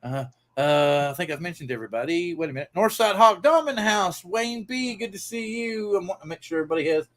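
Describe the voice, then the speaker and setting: A man's voice: high voice, lively intonation, fast, hardly any pauses, a bit bright. A man hosting a casual live stream, rambling loosely and greeting viewers by name. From Pacific Northwest. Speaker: livestream host.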